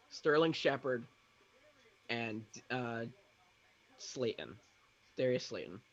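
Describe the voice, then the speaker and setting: A man's voice: on the high side, highs cut off. A man co-hosting a live sports draft reaction, anxious and talking himself through his opinions. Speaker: sports show co-host.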